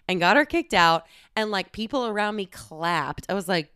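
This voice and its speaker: A young woman in her twenties hosts a podcast, rambling through a story in a casual, chatty way. Her talk is full of "like" and easy swearing. Her voice is smooth and clear, recorded dry and close. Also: fairly low pitch, very animated, moderate pace, fairly bright tone, no echo. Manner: chatty, swears freely, lots of "like". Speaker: podcast host.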